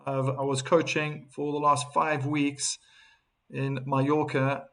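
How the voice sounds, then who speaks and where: A South African man commentating a tennis match live, with a slightly higher-than-usual voice. He chats casually, reads viewers' messages aloud and bursts with excitement at key moments. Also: unhurried. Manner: chatty, reads viewer chat messages aloud between calls; bursts of excitement on big points.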